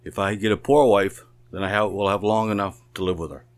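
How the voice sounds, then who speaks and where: A man's voice: fairly low pitch, fairly even intonation, brisk, natural voice. A man putting on the voice of a dry-witted old farmer who answers with a wry, matter-of-fact quip.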